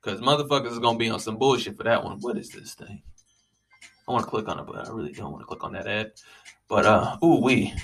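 A man's voice: mid-range voice, slightly rough. A young man, casually rambling and joking with lots of profanity. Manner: profane, joking, animated storytelling.

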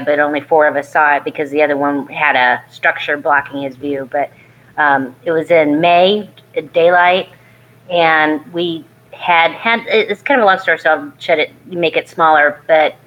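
Woman, low-pitched, archaeologist guest, animated and rambling in her anecdotes. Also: normal speed, dull audio, a little hiss or hum. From California. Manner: lively, rambling storyteller with restarts. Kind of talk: conversational storytelling.

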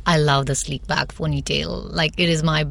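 Female guest stylist from India, low-pitched, animated and filler-heavy. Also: normal speed, gravelly. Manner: chatty and animated, many fillers. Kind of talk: casual interview chat.

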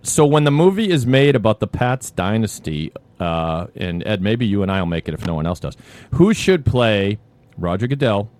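Man, podcast host, casual chat, jokey, laughs a lot, bouncy pitch. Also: normal speed, dry recording. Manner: joking, laughs often, lively pitch.

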